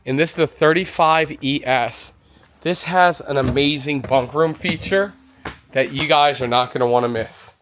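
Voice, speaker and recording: A man's voice: on the high side, moderate pace, fairly bright tone, a little hiss or hum. A man touring an indoor RV show, giving an enthusiastic walkthrough and exclaiming over features. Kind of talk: walkthrough vlog.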